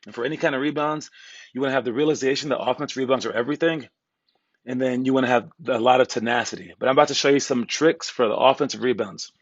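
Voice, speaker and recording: A man's voice: medium pitch, fast, no room sound, highs cut off. A young man coaching basketball, telling a motivational story in a rambling, casual way with many fillers and restarts. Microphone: earbud headset mic.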